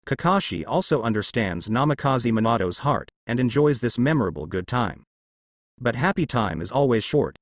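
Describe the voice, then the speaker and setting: A man's voice: medium pitch, animated, moderate pace, no echo. Man reading a story, dry close sound. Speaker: narrator. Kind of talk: reading a translated web novel.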